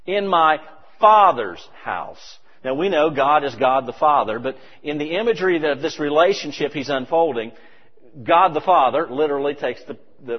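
A man preaching a sermon, animated and emphatic with conversational asides. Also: mid-range voice, husky. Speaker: pastor. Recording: dull, reverberant hall recording.

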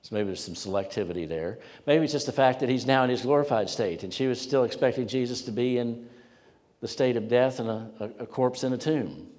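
In a church sanctuary full of congregants, a pastor preaches with emphatic storytelling, repeating words for weight. His medium-pitched, darkish voice moves fairly quickly, and the recording carries a long church hall reverb.

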